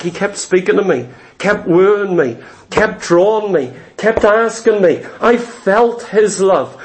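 A man's voice: high-pitched, unhurried. A man preaching a fervent, confessional testimony in a sermon, repeating key phrases for emphasis.

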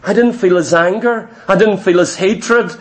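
A man's voice: high voice, normal speed. A man preaching a fervent, confessional testimony in a sermon, repeating key phrases for emphasis.

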